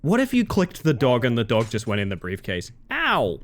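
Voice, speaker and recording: Excitable laughing male game streamer. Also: mid-range voice, moderate pace. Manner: excitable, breaks into laughter, chats to viewers. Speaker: live streamer. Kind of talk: casual live game streaming.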